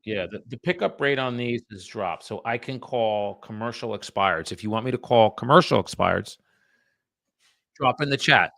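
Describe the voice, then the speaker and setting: Blunt, gravelly man, close and dry. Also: medium pitch, moderate pace, fairly bright tone, no echo. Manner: blunt, profane, chatty, addresses viewers as guys. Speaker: real estate agent streaming live calls. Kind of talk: casual live-stream chat.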